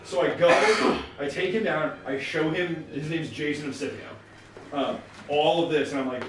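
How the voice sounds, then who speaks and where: Man, animated storyteller, off-mic, very echoey room, faint background noise. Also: on the high side, moderate pace, distant mic, music in the background. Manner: animated, acts out quoted characters. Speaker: let's play co-host. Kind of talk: casual storytelling over gameplay.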